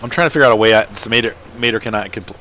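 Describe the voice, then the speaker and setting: Casual let's-play host, male, low-ish pitch, chatty and rambling, light hiss in the background. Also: racing, pushed and bright. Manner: rambling, chatty, laughs often. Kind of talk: casual gameplay commentary.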